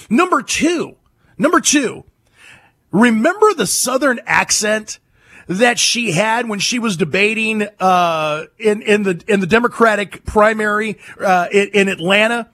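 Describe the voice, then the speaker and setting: A man hosting a political talk radio show from a studio. He is emphatic and mocking, and he repeats his points to drive them home. His very high, bright voice rises and falls a lot and sounds close and dry. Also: no echo.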